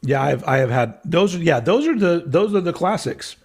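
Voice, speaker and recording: A man's voice: on the high side, animated, normal speed, darkish tone, slightly rough. A man co-hosting a casual podcast chat from his home recording room, musing and rambling with restarts and easy laughs. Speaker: podcast co-host.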